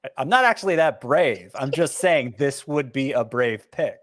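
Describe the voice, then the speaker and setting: A man's voice: medium pitch, lively intonation, moderate pace, fairly bright tone, dry recording, clean studio sound. A man giving fantasy baseball picks in casual podcast chat, wry and self-mocking, thinking aloud as he goes.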